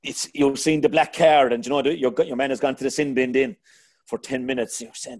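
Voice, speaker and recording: A middle-aged Irish man hosts a relaxed sports chat in a rambling, conversational way. He talks in an everyday middle voice and keeps calling his panel lads. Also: medium pitch, fairly quick. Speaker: podcast host.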